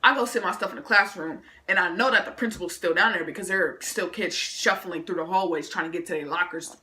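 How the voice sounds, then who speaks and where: A woman vlogger telling a story from school in an animated, slangy way, adding her own sound effects. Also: on the low side, quick pace. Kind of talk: casual storytime vlog.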